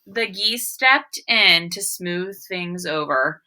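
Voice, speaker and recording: A woman's voice: fairly low pitch, lively intonation, takes it slowly, hardly any pauses, bright, forceful tone, poor audio. A woman teacher reading a picture book aloud to her class, explaining words and asking questions.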